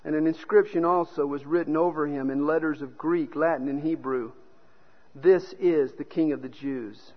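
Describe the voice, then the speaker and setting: In a dull recording drenched in long hall reverb, a man delivers a sermon as a storytelling pastor, acting out each quoted speaker. His voice is fairly high, and he talks at a normal speed.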